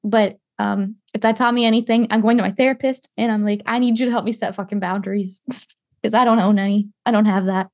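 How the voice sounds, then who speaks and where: Young woman, casual storyteller, swears freely, quick delivery. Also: mid-range voice, dry recording, clean studio sound. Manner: animated, swearing, acts out quotes. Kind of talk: casual chat.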